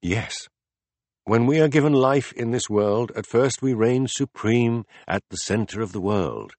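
A man voicing a patient philosopher who explains ideas step by step in a measured, deliberate audiobook reading. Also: medium pitch, expressive, darkish tone, no room sound. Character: calm, patient male teacher explaining ideas. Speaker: philosopher in a dialogue.

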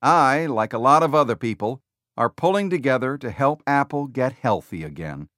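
A male audiobook narrator quoting a confident tech executive giving a keynote, in a deliberate, emphatic, slower delivery. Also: medium pitch, expressive, a bit bright, dry recording, clean studio sound, lightly acted. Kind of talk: quoted speech within audiobook narration.

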